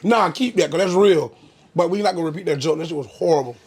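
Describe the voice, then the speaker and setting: A man's voice: on the high side, fast talker, darkish tone, breathy edge. A young man from Florida, a comedian telling stories in a casual interview, laid-back with lots of "um" fillers. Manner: laid-back storytelling, frequent "um" fillers, bursts of laughter. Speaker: comedian guest.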